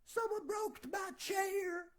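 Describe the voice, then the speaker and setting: A woman's voice: very high-pitched, fairly even intonation, slow pace, pitched above the performer's own voice. A woman voicing a small, whiny baby bear in a comic storybook telling, plaintive in tone.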